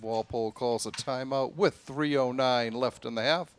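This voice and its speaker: A man with an everyday, mid-range voice calls play-by-play at a local high school football game. He tracks each down and yard line in a level tone. When a runner finds room, he quickly gets louder and higher. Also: clean tone. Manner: rises in pitch and volume on big plays. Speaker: play-by-play announcer. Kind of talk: play-by-play commentary.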